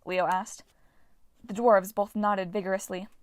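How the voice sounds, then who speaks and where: A woman's voice: medium pitch, level tone, measured pace, no room sound. A woman narrating an audiobook expressively, giving each character a voice.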